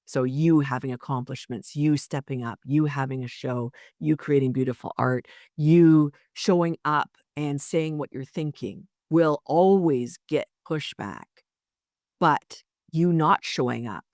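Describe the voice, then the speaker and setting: A woman's voice: low-pitched, a little mellow, no echo, clean studio sound. A middle-aged woman co-hosting a podcast, speaking in an emphatic, motivating way and stacking up repeated phrases. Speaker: podcast co-host, artist. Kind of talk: casual podcast chat.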